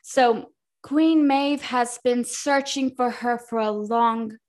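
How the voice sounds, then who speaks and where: A woman's voice: a little high, steady tone, slow, darkish tone. Foul-mouthed ranting woman podcaster. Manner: profane, ranting, dramatic read-aloud of quotes. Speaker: podcast co-host. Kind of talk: casual book-club podcast chat.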